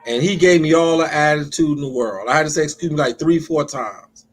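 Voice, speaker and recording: Man, pastor hosting a call-in show, high voice, emphatic storytelling, faint music behind. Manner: emphatic storyteller, slows down to stress points. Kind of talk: conversational sermon-style talk.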